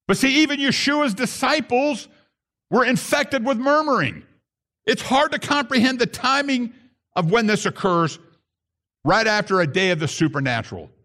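A man's voice: very high-pitched, lively intonation, normal speed, fairly bright tone. A man preaching a sermon to his congregation, reading scripture and pressing his points with rising emphasis. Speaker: pastor.

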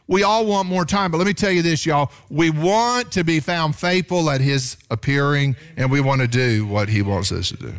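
A man's voice: moderate pace, hardly any pauses. A male pastor preaching a sermon, his voice jumping up on points of emphasis. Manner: animated preaching, pitch rising sharply on emphasis.

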